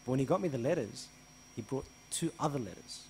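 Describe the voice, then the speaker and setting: Animated priest telling a story. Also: male voice, fairly quick, a little hiss or hum. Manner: animated, re-enacts dialogue with rising pitch and volume. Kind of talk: storytelling interview answer.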